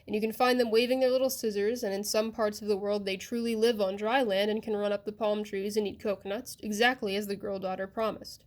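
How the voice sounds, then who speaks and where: A woman reading a classic children's fable aloud, expressive and addressing the listener directly. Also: mid-range voice, brisk, hardly any pauses. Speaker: storyteller.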